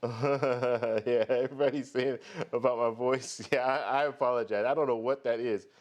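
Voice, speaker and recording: Speaking at a moderate pace with medium pitch and fairly even intonation, a man runs a casual live stream on travel rewards. As host of a travel credit card channel, he's chatty and welcomes viewers individually by name.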